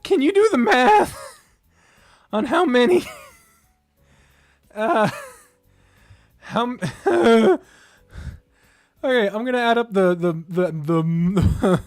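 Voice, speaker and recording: A woman's voice: a little high, expressive, extremely slow, long pauses, a little mellow, no room sound, studio quality. A woman streamer and game master in casual livestream chat, giddy and laughing often, swearing and stumbling as she works through math aloud.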